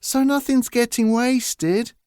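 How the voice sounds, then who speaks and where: Whiny, squeaky giant man-child, petulant, pitched way up. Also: slow, a little mellow, clean tone, dry recording, clean studio sound. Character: whiny high-voiced giant cannibal son.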